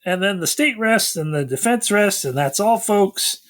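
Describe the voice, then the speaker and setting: Chatty man recapping a film, slightly high voice. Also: moderate pace. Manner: animated storyteller, acts out quotes. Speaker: podcast co-host. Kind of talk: casual chat recapping a film.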